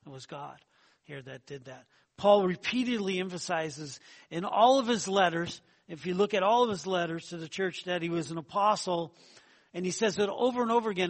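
A middle-aged man giving a sermon, talking conversationally with fillers, repeated words and surges of emphasis. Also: fairly high pitch. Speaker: preacher.

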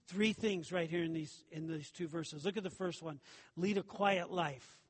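High-voiced preacher man in echoing hall. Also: moderate pace, breathy edge. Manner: conversational preaching with rhetorical questions. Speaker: pastor. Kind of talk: sermon.

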